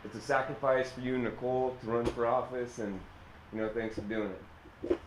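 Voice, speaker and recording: A man's voice: medium pitch, level tone, normal speed, heavy background noise. A man giving an earnest, rambling spoken endorsement of a local candidate, with fillers.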